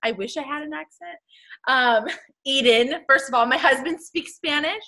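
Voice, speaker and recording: Bright, upbeat young woman leading her team. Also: high-pitched, moderate pace. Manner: chatty, upbeat, laughs often. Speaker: team leader hosting a live video. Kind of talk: casual motivational live stream.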